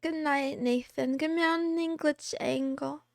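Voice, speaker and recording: A woman's voice: high voice, fairly even intonation, slow pace, no echo, clean studio sound. A woman streamer chatting casually on a livestream, giggly and playful, greeting viewers by name and slipping into a cat persona with meows. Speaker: VTuber streamer. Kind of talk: casual livestream chat, reading out viewer names.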